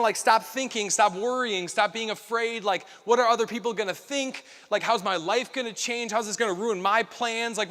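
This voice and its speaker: A man's voice: high voice, fairly bright tone. A man in his thirties giving an earnest, conversational conference keynote, full of casual fillers, on a stage microphone. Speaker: keynote speaker. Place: large hall. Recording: long hall reverb.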